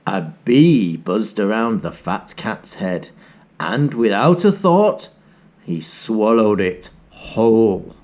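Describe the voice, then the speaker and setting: A male teacher reading a picture book aloud to young children, animated and inviting them to join in with sounds. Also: on the low side, slow.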